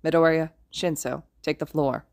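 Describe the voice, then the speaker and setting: A woman's voice: deep voice, fairly even intonation, moderate pace, a little mellow, no room sound, clean studio sound. A woman voicing a tired male teacher who gives blunt, matter-of-fact instructions. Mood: brisk.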